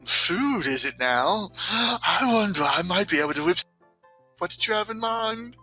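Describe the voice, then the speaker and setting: A man's voice: high-pitched, lively intonation, measured pace, sharp tone, faint music behind, voice pushed up, heavily acted. A man voicing an eager, fussily courteous saloon bartender in a tabletop game.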